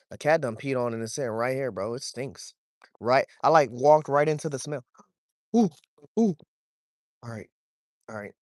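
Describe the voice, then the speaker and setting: A young man, talking to his chat while wading and fishing, swearing freely and getting excited over a fish. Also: medium pitch, no echo, studio quality. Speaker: fishing vlogger. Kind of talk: casual vlog narration while wading. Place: outdoors, wading in a shallow creek.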